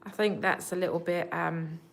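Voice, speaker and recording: Her voice is lowish, steady and creaky, at a moderate pace, as she hosts a laid-back livestream from home. The chatty host talks with viewers and addresses her cats in a soft baby voice.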